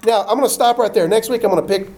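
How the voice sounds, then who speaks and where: A man preaching a sermon, folksy and animated, acting out the quotes he tells. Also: sits high, rapid-fire. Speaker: pastor.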